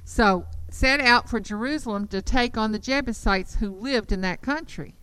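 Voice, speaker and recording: A woman teaching the Bible to a group in an animated, emphatic storytelling manner. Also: on the high side, normal speed, clean tone, poor audio.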